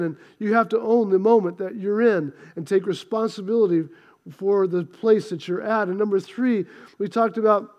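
A pastor giving a sermon in church, telling stories with humor and getting the congregation to respond. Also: male voice, high voice, highs cut off. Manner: storytelling, lively and joking, asks the congregation to respond. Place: church sanctuary.

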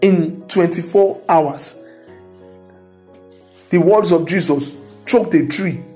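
A man preaching a sermon, emphatic and building to loud declarations. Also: sits high, takes it slowly, soft background music.

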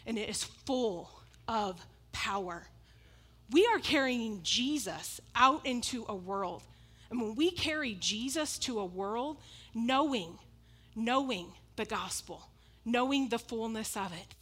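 A woman's voice: fairly high pitch, animated, measured pace, a bit bright. A woman preaching a sermon, emphatic and repetitive, often breaking into laughs as she makes her points.

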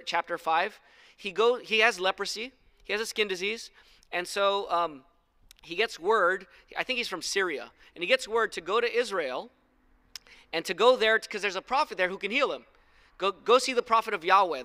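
A man's voice: high-pitched, bright, forceful tone. A man preaching a sermon in a church as pastor, making earnest, direct appeals to his listeners. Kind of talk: sermon with storytelling.

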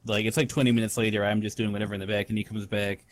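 A man's voice: on the low side, flat delivery, racing, a little hiss or hum. A young man co-hosting a podcast, telling a rambling story full of swearing in casual chat. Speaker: podcast co-host.

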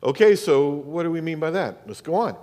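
A man's voice: on the high side, sing-song, brisk, a little mellow, big-room sound. A male pastor, preaching a sermon in a church in a conversational way, asking his listeners questions as he goes.

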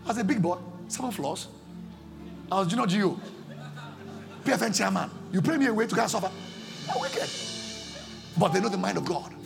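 Fiery Nigerian pastor, high and gravelly. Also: male voice, animated, a little fast, long pauses, music in the background. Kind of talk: sermon. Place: church service.

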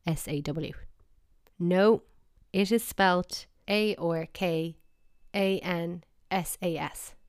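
An Irish woman hosting a podcast, talking casually in a playful, animated, mock-baffled way. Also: on the low side, takes it slowly, clear, resonant tone, dry recording, clean studio sound. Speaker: podcast host. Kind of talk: casual solo podcast talk.

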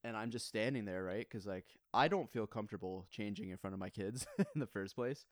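A man's voice: lowish voice, fairly quick, no echo, studio quality. A man in his thirties, a podcast co-host, telling a family story in casual chat and laughing often.

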